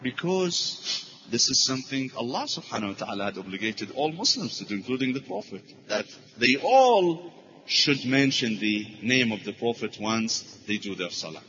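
A man's voice: mid-range voice, sing-song, normal speed, fairly bright tone, big-room sound, dull audio, a little hiss or hum. A man giving a religious lecture and taking questions, telling stories earnestly and using Arabic phrases.

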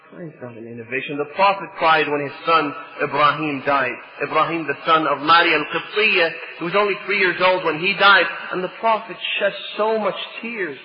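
A man preaching a religious sermon, building to impassioned rhetorical questions and then dropping soft and low. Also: muffled recording, slight background noise.

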